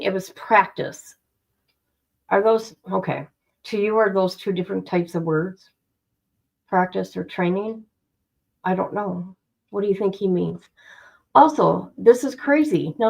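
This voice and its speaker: A woman's voice: a little high, low-quality recording. A woman streaming casual commentary to her viewers, blunt and chatty, speaking straight to her audience. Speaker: streamer reacting to news.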